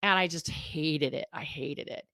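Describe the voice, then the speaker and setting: Animated woman telling her story, dry sound. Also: low-pitched, measured pace, vocal fry, no echo. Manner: animated, acts out her own past thoughts in quotes; candid, self-mocking, laughs at herself. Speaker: interview guest, life coach. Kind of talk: personal storytelling in a podcast interview.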